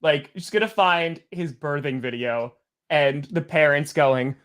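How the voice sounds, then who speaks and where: A man's voice: fairly high pitch, measured pace, fairly bright tone, clear, resonant tone. A young man co-hosting a casual sports podcast, teasing and laughing often. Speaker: podcast co-host.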